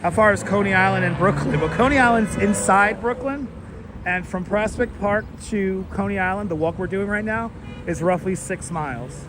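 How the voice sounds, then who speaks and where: A man hosts a casual walking live stream and chats easily with viewers and the animals he passes. His voice sits high, and he talks through a clip-on mic. Clear street traffic and wind noise surround him outdoors. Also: normal speed. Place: outdoors on a city street at sunset. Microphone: wireless clip-on mic.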